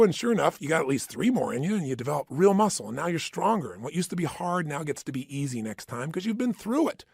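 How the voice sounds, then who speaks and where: A man's voice: on the high side, very animated, quick pace, gravelly, breathy edge, no room sound, clean studio sound. A man giving an emphatic motivational talk, acting out the voices in people's heads. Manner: emphatic, acts out inner voices. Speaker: motivational speaker.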